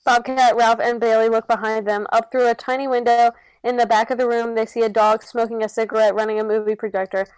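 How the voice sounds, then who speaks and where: A woman's voice: fairly high pitch, level tone, quick pace, few pauses, darkish tone, clean tone, dry recording, rough recording. A woman reading out stage directions for a comedy podcast script reading on a close mic. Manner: reads stage directions with giggles. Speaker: narrator.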